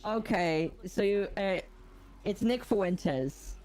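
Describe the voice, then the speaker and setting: A woman's voice: medium pitch, slow pace, darkish tone, soft background music. A woman hosting a game livestream, chatty and giggly, often exclaiming as she talks. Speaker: streamer host. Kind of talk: casual livestream chat.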